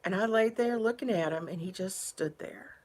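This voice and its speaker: A woman recounting a personal story in a casual, unhurried, conversational way, with pauses between phrases. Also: medium pitch, a little mellow.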